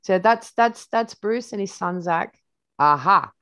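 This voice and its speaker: A woman's voice: medium pitch, lively intonation, unhurried, a bit bright, no echo. A woman with an Australian accent tells stories loosely, as if walking a friend through a photo album. Her voice sits in a middle register, and she often doubles back on her own words. The sound is dry and close, with no room around it. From New South Wales, Australia. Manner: chatty and rambling, with many restarts; vivid anecdotes with reported speech. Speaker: interview guest. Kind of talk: casual storytelling over photos.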